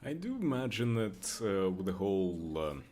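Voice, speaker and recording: A man's voice: sits low, very animated, normal speed, darkish tone. A young man joking crudely and rambling while he plays a game and answers chat. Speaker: streamer. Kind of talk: casual gameplay commentary with chat.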